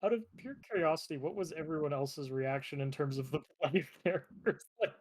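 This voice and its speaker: A man's voice: on the high side, normal speed, a little mellow. A man playing his character in a tabletop role-playing game, describing actions in a casual, hesitant way. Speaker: player.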